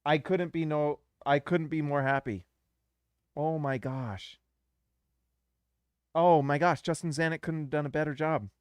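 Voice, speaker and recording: A man hosting a casual live stream, chatting straight to his viewers. He talks slowly and warmly, with a slightly raised pitch, and he gushes and repeats himself. The sound is close and dry, with no room echo. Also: smooth. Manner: effusive, repeats himself, addresses viewers directly.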